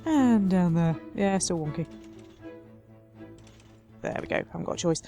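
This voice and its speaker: A woman's voice: on the low side, lively intonation, a little slow, mellow, faint music behind. Wry woman narrating her city game. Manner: chatty, wry, talks to her sims. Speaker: let's play host. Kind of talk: casual game commentary.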